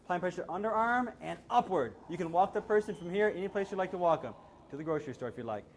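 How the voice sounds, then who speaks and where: High-voiced man giving short commands. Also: animated, quick pace, a little hiss or hum. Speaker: self-defense instructor. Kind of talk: coaching a hands-on class.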